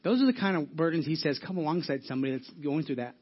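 A man's voice: a little high, expressive, racing, lo-fi sound. A man preaching a sermon to his church in a conversational way, often checking in with the room. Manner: conversational, asks the audience questions, many restarts. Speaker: pastor. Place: church hall with audience.

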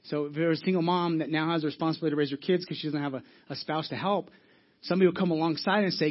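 Male pastor, fast and husky, conversational sermon with audience check-ins, dull lo-fi audio. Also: fairly high pitch, fairly even intonation. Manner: conversational, asks the audience questions, many restarts. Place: church hall with audience.

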